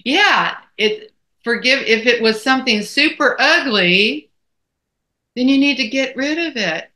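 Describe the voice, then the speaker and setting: A woman's voice: high-pitched, expressive, a little slow, bright, forceful tone. A middle-aged woman co-hosting a casual chat, telling folksy stories. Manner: folksy storytelling. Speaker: co-host.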